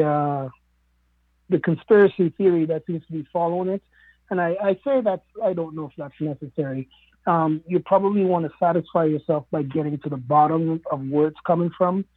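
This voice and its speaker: A man's voice: fairly high pitch, no room sound. A man from the Caribbean speaking on a radio show, talking in an earnest, musing way with many fillers. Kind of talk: reflective radio talk. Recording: narrow phone-like radio sound.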